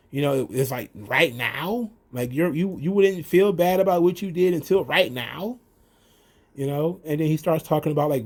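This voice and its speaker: A man's voice: a little high, normal speed. Rambling man recapping a show. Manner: rambling, many fillers and restarts, animated retelling. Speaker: wrestling show commentator. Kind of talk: casual recap commentary.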